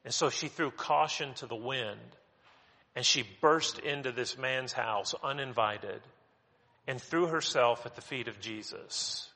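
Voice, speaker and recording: Emphatic preaching man, bright voice. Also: mid-range voice, a little slow. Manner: animated, emphatic preaching with repetitions. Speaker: pastor. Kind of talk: sermon. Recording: long hall reverb.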